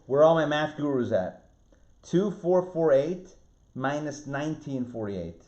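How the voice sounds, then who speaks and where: Rabbi teaching over video call; energetic, repeats himself, quizzes the class. Dull, echoey sound. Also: male voice, fairly high pitch, unhurried. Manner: lively, repeats words and restarts, asks the class questions. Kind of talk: online Torah class lecture. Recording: roomy, muffled video-call audio.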